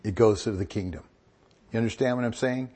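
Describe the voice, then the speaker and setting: A man's voice: fairly low pitch, brisk, warm tone, husky. A middle-aged male pastor preaching a sermon, joking with the congregation and rising into emphatic bursts.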